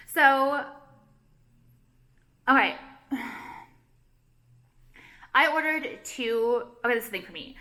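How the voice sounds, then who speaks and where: A young woman talks straight to her camera in a loose, rambling vlog. Her voice is bright and forward, and she keeps breaking off her own sentences with nervous restarts and "like". She sounds anxious and self-conscious as she chats. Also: a little high. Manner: rambling, self-interrupting, heavy use of "like", anxious. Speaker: vlogger and jewelry designer. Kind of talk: casual rambling chat to camera.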